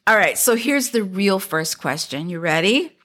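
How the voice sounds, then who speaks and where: A woman's voice: mid-range voice, animated, moderate pace, a bit bright. A woman hosting a podcast, chatting casually and playfully with her guest and listeners. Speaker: podcast host. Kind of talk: casual interview chat.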